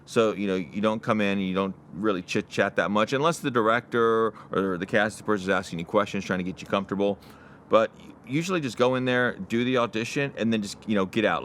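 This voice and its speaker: A man who works as a casting director, telling stories in an interview in an animated way that acts out the people involved. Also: sits low, slight background noise. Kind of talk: interview storytelling. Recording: music playing under the speech.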